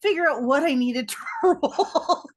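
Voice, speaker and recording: A woman's voice: high voice, expressive, a little slow, a little hiss or hum. A woman in her forties, a game designer guest, chatting casually and laughing at herself often. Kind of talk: casual interview chat.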